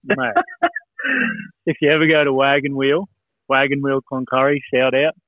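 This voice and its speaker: A man's voice: mid-range voice, little pitch movement, normal speed, dry recording. A man from New Zealand co-hosting a casual sports podcast, chatty and blunt. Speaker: podcast co-host. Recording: dry, tinny phone-like line.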